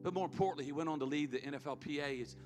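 His voice a little high and his delivery racing, this middle-aged pastor earnestly narrates a story from the pulpit, repeating important words to stress them. Long reverb fills the hall, and faint music can be heard underneath.

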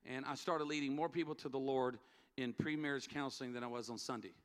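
Middle-aged pastor preaching in a reverberant hall. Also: male voice, medium pitch, steady tone, fast talker, clear, resonant tone. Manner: earnest, emphatic, repeats key words. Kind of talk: storytelling sermon. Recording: long hall reverb, faint music. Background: faint music.

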